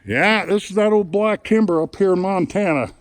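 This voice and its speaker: Man, plain-spoken hiking vlogger, a bit winded, fairly high pitch, dry sound, outdoors on a trail. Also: animated, moderate pace, clean tone, no room sound. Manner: folksy, plain-spoken, chatty. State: somewhat out of breath. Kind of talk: casual narration while hiking.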